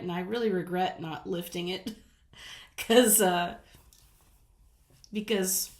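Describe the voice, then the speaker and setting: A woman's voice: medium pitch, a bit bright. A woman from the American South telling rambling stories in a casual chat, laughing often. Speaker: vlogger. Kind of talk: casual storytelling. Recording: roomy echo.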